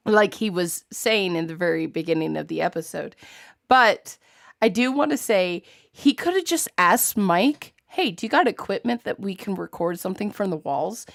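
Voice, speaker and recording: A woman hosting a casual fan podcast, giggly and lively, stepping in to steer the talk. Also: mid-range voice, vocal fry, dry recording, studio quality. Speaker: podcast host.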